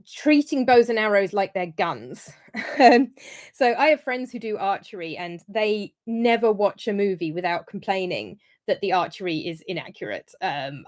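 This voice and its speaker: Woman, livestream host, casual review, chatty, rambling, lots of ums, middle pitch.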